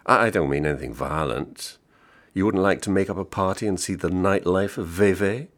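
A man's voice: deep voice, moderate pace, voice pushed up, close to an everyday voice. A man reading the part of a bored, sardonically joking American man of thirty-five. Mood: wry. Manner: wry, teasing, mock-jovial.

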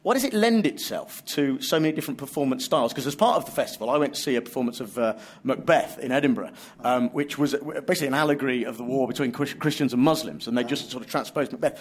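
A man's voice: mid-range voice, fast. A man hosting a live comedy show, playful and teasing with his guests. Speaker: host. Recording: live audience with background noise. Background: audience.

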